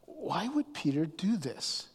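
A man preaching a sermon, often restarting his words and swinging from hushed asides to raised emphasis. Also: sits high, big pitch swings, takes it slowly, slightly rough. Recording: long hall reverb.

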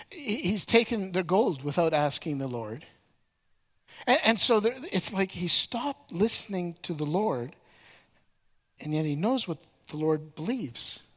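Animated male preacher in an echoey hall. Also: fairly high pitch. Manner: animated storytelling, acts out quotes, repeats words. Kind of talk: sermon. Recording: echoey hall with long reverb.

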